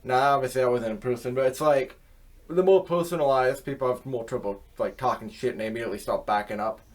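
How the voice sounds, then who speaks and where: A man's voice: medium pitch, fast. A man hosting his own channel, delivering a rambling, profane casual rant filled with fillers. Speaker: channel host.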